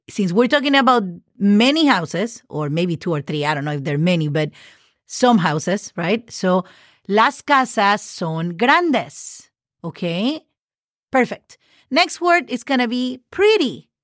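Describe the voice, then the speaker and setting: Woman, podcast teacher, unhurried delivery, patient spelling, dry close sound. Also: medium pitch, no echo. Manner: patient, spells words letter by letter, says okay often; slows down for example sentences. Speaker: Spanish teacher podcast host. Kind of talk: casual podcast lesson.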